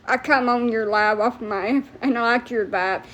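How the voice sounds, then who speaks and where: A woman's voice: on the high side, normal speed, fairly bright tone. A woman ranting profanely and sassily to viewers on a phone livestream. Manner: profane, heated, sassy, talks back to viewers. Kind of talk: ranting live stream.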